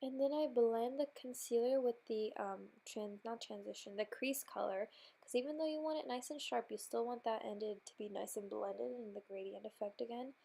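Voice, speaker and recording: A young woman narrates a makeup tutorial in a loose, chatty way, full of little fillers. Her voice sits a bit high but sounds warm and mellow, with a gravelly fry, and she's nasal from a cold. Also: moderate pace, few pauses. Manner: chatty and bubbly, lots of "like" and "um". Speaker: beauty vlogger. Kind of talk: casual makeup tutorial voice-over.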